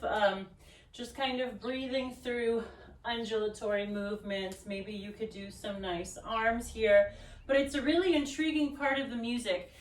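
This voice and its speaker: A woman's voice: fairly high pitch, a little slow. A woman teaching a dance routine in casual instructional talk, counting beats and singing drum rhythms aloud. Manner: casual, encouraging, checks in with "right?". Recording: echoey room, mic at a distance.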